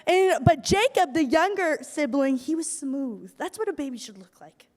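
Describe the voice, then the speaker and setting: A young woman from Iowa giving a lively youth group talk, telling stories with acted asides. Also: high-pitched, moderate pace. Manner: animated storytelling with acted asides. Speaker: youth speaker. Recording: hall reverb from a live room.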